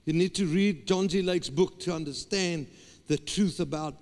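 High-voiced preacher in a hall. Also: male voice, moderate pace, a little mellow. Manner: emphatic, repetitive preaching with stammered restarts. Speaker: pastor. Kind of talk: sermon. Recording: long hall reverb.

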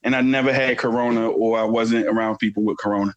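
A man's voice: lowish voice, fairly even intonation, fast, highs cut off. A man co-hosting a casual podcast, explaining things in a plain, matter-of-fact way. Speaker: podcast co-host. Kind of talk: casual chat.

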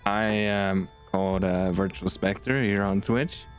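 Low-voiced easygoing game streamer. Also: male voice, steady tone, slow pace, soft background music. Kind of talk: casual chat.

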